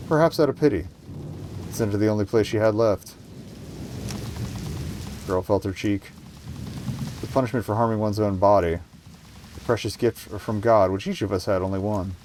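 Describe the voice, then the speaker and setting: Low-voiced man reading a game aloud. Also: darkish tone, a little hiss or hum. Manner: reacts wryly, swears, keeps voice down at night. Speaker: streamer reading a visual novel. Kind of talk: game narration with casual commentary. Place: home, night.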